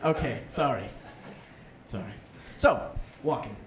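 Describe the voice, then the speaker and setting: Young man doing stand-up in an echoey room. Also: slow. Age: young adult. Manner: self-deprecating, jumps into high excited inner voices. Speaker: student stand-up comic. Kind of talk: stand-up comedy set. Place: live comedy room with audience. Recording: echoey room with background noise. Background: audience laughter.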